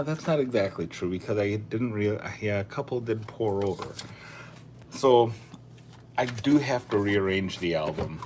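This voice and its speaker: A man's voice: lowish voice, slight background noise. A man hosting a casual live stream, chatting and thinking aloud as he sorts coins, often correcting himself. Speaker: coin collecting channel host.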